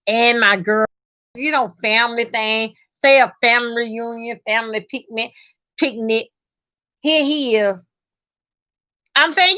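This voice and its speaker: Woman, casual vlog storyteller; high, bright, animated and salty. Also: measured pace.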